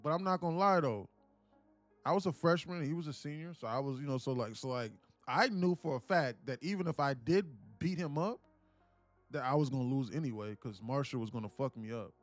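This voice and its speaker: A man's voice: mid-range voice, a little fast, dry recording, soft background music. A man in his late twenties telling a story in a casual, profane, slangy way to a live stream chat. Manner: profane, slangy, animated retelling. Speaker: live-streaming day trader.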